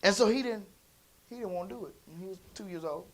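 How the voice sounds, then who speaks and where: A man's voice: high voice, quick pace, a little hiss or hum. Folksy preacher man telling a story. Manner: conversational, folksy, swings between soft asides and emphatic bursts. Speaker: pastor. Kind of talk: storytelling sermon.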